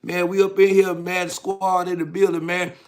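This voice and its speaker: This fifties-aged livestream host and author from Georgia speaks at normal speed in a high, level voice with a Southern accent. His storytelling is casual, slangy and hyped, peppered with "know what I'm saying."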